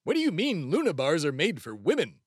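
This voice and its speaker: On his satirical comedy podcast, a young man from Texas delivers a rambling, stumbling rant in a mock-pompous style. His voice sits on the high side, slightly rough, with wildly swooping pitch and a brisk pace.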